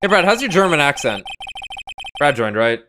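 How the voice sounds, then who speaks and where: A man's voice: fairly high pitch, big pitch swings, normal speed, background noise. Rambling young man streaming a game. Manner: rambling, joking, swears freely. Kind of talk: casual game let's-play commentary.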